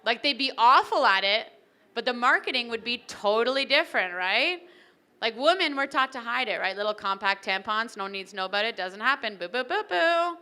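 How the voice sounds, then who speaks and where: A young woman doing an animated, chatty stand-up comedy set at a wedding reception, acting out little characters. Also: on the high side, brisk.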